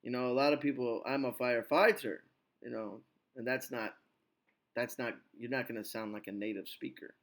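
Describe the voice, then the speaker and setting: A man's voice: medium pitch, fairly even intonation, brisk, vocal fry. A slightly sick man teaching an English lesson over a video call, chatty and coaching, with lots of "you know" fillers. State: slightly sick, clears throat.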